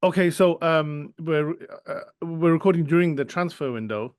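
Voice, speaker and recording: A man's voice: on the high side, normal speed, a little mellow, clear, resonant tone, no room sound, studio quality. A man with a Birmingham accent hosting a casual football podcast, chatty and full of tangents. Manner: chatty, with filler-heavy tangents. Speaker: podcast host.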